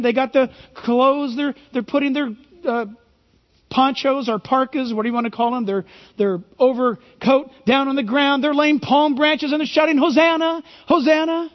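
A male pastor preaching a sermon, emphatic and full of rhetorical questions. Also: very high voice. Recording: reverberant hall, dull lo-fi sound.

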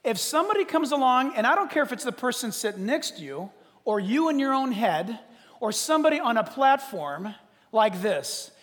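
Animated high-voiced preacher in a hall. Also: male voice, normal speed. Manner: animated, joking, swings from hushed to shouting. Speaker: pastor. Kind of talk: sermon. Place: church hall. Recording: long hall reverb.

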